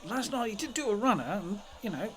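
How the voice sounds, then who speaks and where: A woman's voice: a little high, animated, fast talker, crowd noise, poor audio. A British woman playing a tabletop game, hesitant and polite, fumbling for words. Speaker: player.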